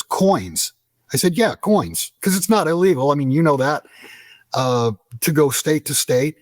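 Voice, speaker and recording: A middle-aged American man telling a story as an interview guest, animated and profane, acting out the dialogue. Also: a little high, dry recording. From United States.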